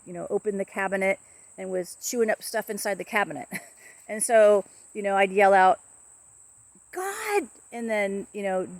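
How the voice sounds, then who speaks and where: In a dry recording, a woman with a mid-range voice talks casually to camera about her pet parrot, her soft, rambling speech full of fillers and restarts.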